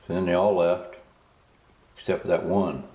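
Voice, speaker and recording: A man's voice: sits low, flat delivery, moderate pace, warm tone, highs cut off. An older man telling a rambling, folksy personal story as a voice-over, full of asides. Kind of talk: casual spoken story, voice-over. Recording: roomy echo.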